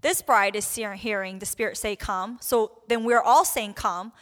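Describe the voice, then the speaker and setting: A woman's voice: medium pitch, normal speed. Woman teaching prayer in an echoing hall. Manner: casual, animated, acts out little prayers and quotes. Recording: long hall reverb.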